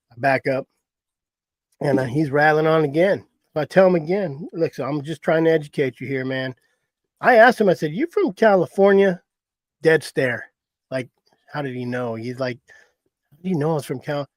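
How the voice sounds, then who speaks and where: In a dry, close recording with no room sound, a middle-aged hunting guide whose voice sits a bit high rambles through a casual, folksy story and laughs at his own telling.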